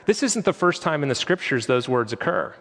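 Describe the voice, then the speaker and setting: A man delivering a sermon with an earnest, conversational manner, his voice sitting a little higher than most men's. A long reverb from the church hall trails behind his words. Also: sing-song, brisk, fairly bright tone. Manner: earnest, conversational preaching with quoted prayers. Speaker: pastor.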